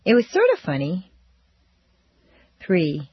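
Slow, husky woman with lively intonation. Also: fairly low pitch, dry recording. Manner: slow, deliberate, exaggerated intonation. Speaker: pronunciation teacher. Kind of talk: recorded pronunciation drills. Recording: dull dry lo-fi recording.

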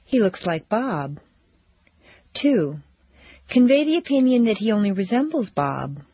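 Slow, husky woman with lively intonation. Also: mid-range voice, dry recording. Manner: slow, deliberate, exaggerated intonation. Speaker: pronunciation teacher. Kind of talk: recorded pronunciation drills. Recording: dull dry lo-fi recording.

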